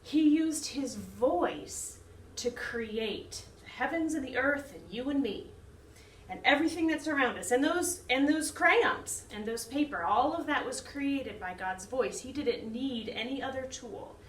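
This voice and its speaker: A woman who directs a children's choir, teaching young children a lesson slowly in a sing-song way. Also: high voice, expressive, slight background noise. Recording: echoey room, mic some distance off.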